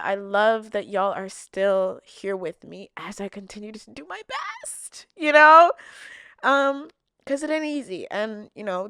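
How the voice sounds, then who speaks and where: Chatty young woman, smooth dry voice. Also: fairly high pitch, no room sound. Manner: chatty, emotional, lots of likes and fillers. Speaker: vlogger answering viewer questions. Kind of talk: casual heartfelt chat to camera.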